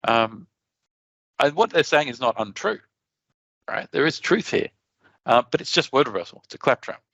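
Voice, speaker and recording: Gravelly Australian man giving a talk. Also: medium pitch, normal speed, no echo. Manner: chatty, animated, frequent restarts. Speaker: conference presenter. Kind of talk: conference talk.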